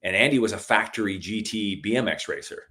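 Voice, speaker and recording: A middle-aged man telling stories in a relaxed conversation, calling the listener "dude" a lot and getting animated at the exciting parts. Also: lowish voice, fairly quick, slight background noise. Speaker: podcast guest. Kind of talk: casual storytelling chat.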